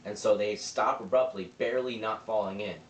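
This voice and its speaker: A man's voice: on the low side, steady tone, a little fast, slight background noise. Young man recapping a movie plot. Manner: rambling, retells scenes with quoted lines. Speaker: movie reviewer. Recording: roomy, distant mic with faint ambience.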